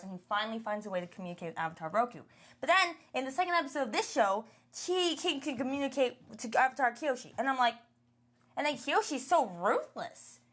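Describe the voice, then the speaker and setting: A woman's voice: sits high, fairly bright tone. A woman co-hosting a casual podcast, chatting about a show with many fillers and laughs. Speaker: podcast co-host. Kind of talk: casual chat reviewing a show.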